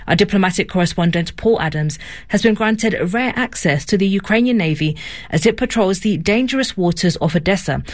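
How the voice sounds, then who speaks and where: A woman presenter reading a scripted news introduction in a steady, formal way. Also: fairly low pitch.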